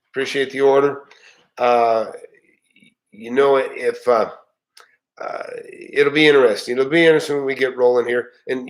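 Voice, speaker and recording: A man's voice: medium pitch, poor audio. Rambling folksy middle-aged man. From United States. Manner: rambling, folksy, many fillers and restarts. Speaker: live-stream host. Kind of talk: casual live chat.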